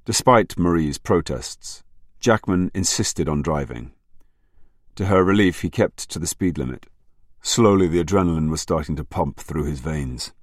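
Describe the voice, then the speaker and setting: A man narrating a crime novel audiobook in a measured, steady storytelling manner. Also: a bass voice, dry recording, clean studio sound. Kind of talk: scripted narration.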